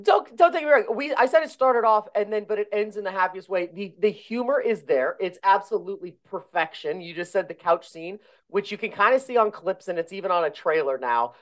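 A man's voice: sits high, animated, fairly quick, hardly any pauses. A man co-hosting a casual film review podcast, gushing with enthusiasm and heaping on superlatives. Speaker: podcast co-host.

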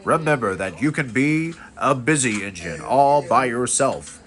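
A father voicing a stern, older railway boss in a lowered, measured voice while reading a storybook aloud. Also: animated, fairly bright tone.

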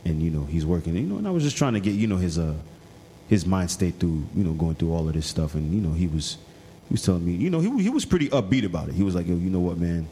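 A man's voice: low-pitched, sing-song, quick pace, dark tone, a little hiss or hum. A man co-hosting a podcast, chatting loosely with lots of fillers and restarts. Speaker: podcast co-host. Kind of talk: casual chat. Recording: roomy with long reverb and faint ambience.

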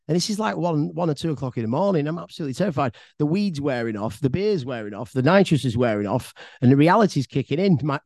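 An English man tells a personal story on his podcast, rambling and chatty, swearing often and repeating words as he goes. His voice is a little high and a little mellow. The studio-quality recording has no echo.

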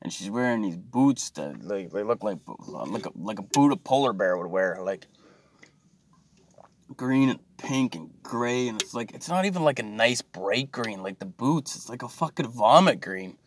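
A man's voice: fairly low pitch, sing-song, normal speed, a little hiss or hum. A man, ranting and swearing in a mocking, exasperated monologue to his viewers.

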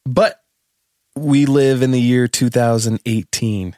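A man's voice: medium pitch, fairly even intonation, slow, a little mellow, no echo. A man co-hosting a podcast, chatting casually about studio production and laughing as he explains. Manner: easygoing, laughs while explaining. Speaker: podcast co-host.

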